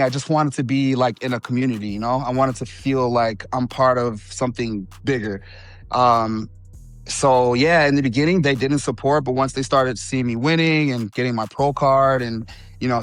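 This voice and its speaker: Relaxed man talking in a casual interview. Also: mid-range voice, dry recording. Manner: relaxed, laughs easily, says bro and you know. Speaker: interview guest, bodybuilding champion.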